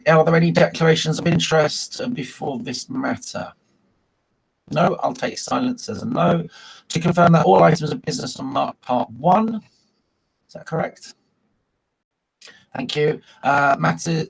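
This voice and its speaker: Husky man chairing a formal meeting. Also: a little high. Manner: reads procedural script with frequent ums and uhs. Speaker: chairman of a council licensing meeting. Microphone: video call.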